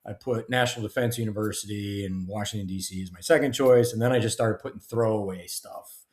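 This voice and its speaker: A middle-aged man, a guest author and retired army officer, telling stories in a lively, casual way. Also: on the low side, a little fast. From United States. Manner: animated storyteller, acts out dialogue. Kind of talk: casual storytelling interview. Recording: roomy echo.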